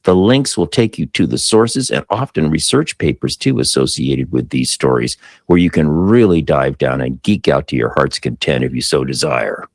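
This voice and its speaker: A man's voice: rumbling low, expressive, moderate pace, hardly any pauses, no echo, studio quality. A man co-hosting a casual tech talk show, reading articles aloud and reacting with amused asides. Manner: reads headlines then reacts with amused asides and chuckles. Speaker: co-host.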